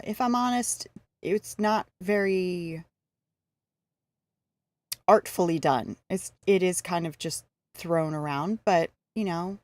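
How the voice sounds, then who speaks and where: Low-voiced woman casually streaming a game. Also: darkish tone, no echo. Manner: easygoing, hesitant with frequent fillers. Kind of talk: casual live-stream commentary.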